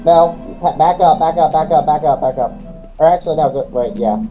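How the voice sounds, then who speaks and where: A man's voice: a little high, fairly quick, narrow, tinny audio, faint music behind. A man guiding his friends through a co-op game, giving scattered directions. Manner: directive, scattered, laughs often. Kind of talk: casual co-op game chat.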